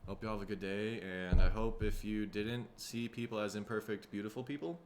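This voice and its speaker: A man from Minnesota, hosting a casual solo podcast, tired and rough in the throat, rambling and swearing freely. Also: lowish voice, fairly even intonation, brisk, a little hiss or hum. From Minnesota, USA. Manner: rambling, profane, laid-back. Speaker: podcast host.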